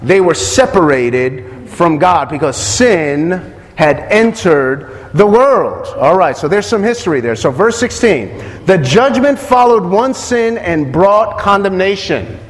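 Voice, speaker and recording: A man's voice: sits high, sing-song, measured pace, long reverb tail. A man preaching a sermon, asking the congregation questions and repeating key phrases.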